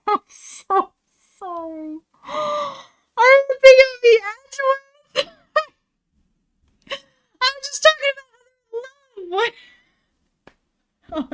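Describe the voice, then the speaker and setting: A young adult woman streaming a game, chatting casually and excitably to her chat, swearing and laughing often. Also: very high voice. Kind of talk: casual live-stream commentary.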